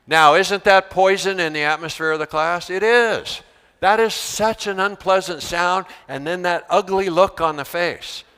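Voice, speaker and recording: A man tells classroom stories to an audience of teachers with a bright, forceful voice that rings clear and smooth. His delivery is animated, and he slips into whiny student impressions now and then. The sound carries a long reverb, as if he were speaking in a hall. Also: a little high. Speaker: teacher giving a talk to teachers. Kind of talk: storytelling talk with acted-out student voices.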